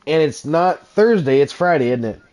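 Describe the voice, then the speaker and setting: A man's voice: fairly high pitch, expressive, moderate pace, a little mellow, slight background noise. A man hosting a casual livestream, chatting with viewers and explaining his gameplay while laughing often. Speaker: streamer.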